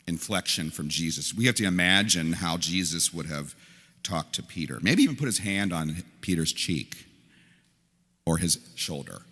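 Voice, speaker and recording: Older priest preaching in a reverberant church. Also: male voice, sits low. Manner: conversational, animated, acts out quotes. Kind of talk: sermon. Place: large church.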